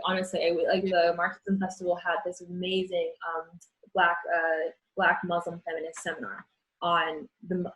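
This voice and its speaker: A woman's voice: on the low side, a bit bright, poor audio. A young woman speaking as an interview guest, frank and earnest, often restarting her sentences. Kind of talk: candid conversation.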